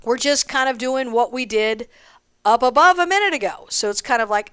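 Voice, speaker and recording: A woman's voice: sits high, animated, normal speed, a bit bright, smooth. A woman teaching a drum class, explaining rhythms step by step and counting beats aloud in an encouraging way. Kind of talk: music lesson with counting aloud.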